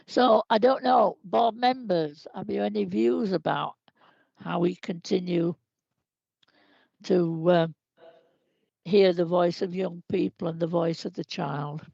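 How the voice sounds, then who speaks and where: Female meeting chair, warm and effusive; heavy vocal fry, dead-dry room. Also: lowish voice, dry recording. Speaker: chair of a council board. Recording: slightly muffled livestream audio.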